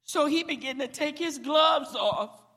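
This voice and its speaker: An older woman gives a sermon testimony at an unhurried pace, her voice bright and forceful. She tells her story with drama and lets it rise into emphatic, ringing declarations. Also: high voice. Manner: dramatic storytelling, acting out each person in turn; emphatic, building to shouted declarations. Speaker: preacher giving a testimony.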